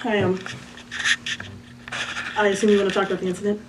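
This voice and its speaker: A woman's voice: mid-range voice, flat delivery, fairly quick, noisy background. A woman giving a melodramatic, giggly confession in a comic mockumentary interview. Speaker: interviewee in a mock documentary.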